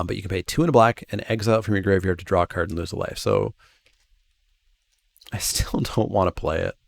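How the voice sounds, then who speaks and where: A man's voice: on the low side, gravelly, no echo. A man hosting a channel, reading game card text aloud and then musing over each one with hedging asides in casual review commentary.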